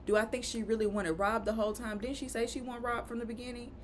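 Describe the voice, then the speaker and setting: A woman's voice: on the high side, flat delivery, fast, a little hiss or hum. Chatty, opinionated woman recapping TV. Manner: chatty, opinionated, rhetorical questions. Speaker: reality TV recap vlogger. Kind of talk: casual recap rant.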